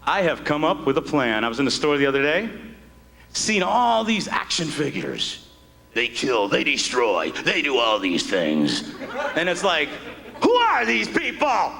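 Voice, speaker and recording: A man's voice: medium pitch, sing-song, unhurried, gravelly, long reverb tail, crowd noise. A man doing stand-up comedy in front of a live audience, chatty and jokey with lots of asides. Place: stage before a live audience. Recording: live show with audience and noise.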